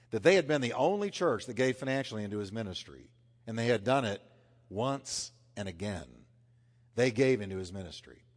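A man preaches with a lively, rising and falling pitch, punching some phrases loudly and dropping others to a hush. His voice rings out with a long reverb, as in a church sanctuary. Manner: animated, swings between loud emphasis and hushed intensity. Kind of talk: sermon.

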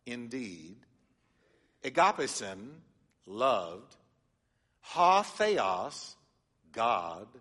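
Animated pastor with a bright voice. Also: male voice, mid-range voice, big-room sound. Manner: animated, engages congregation with call-and-response. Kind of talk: sermon teaching. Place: church sanctuary.

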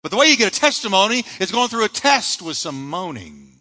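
A man's voice: high-pitched, big pitch swings, brisk, pushed and bright. A man preaching a sermon as pastor, building with emphatic repeated refrains and rising bursts. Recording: live church sermon audio.

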